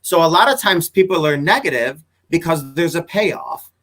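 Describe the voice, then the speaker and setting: A man's voice: a little high, animated, moderate pace, a bit bright. A man, a relationship coach, explaining his ideas earnestly as a guest in a casual interview, often restarting his sentences.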